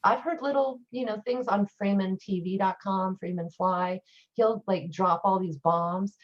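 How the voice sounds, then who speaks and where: A woman's voice: medium pitch, steady tone, measured pace. A woman talking as a guest teacher in a casual chat, telling rambling stories. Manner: chatty, rambling storyteller. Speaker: guest teacher, occult priestess. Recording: dull lo-fi recording.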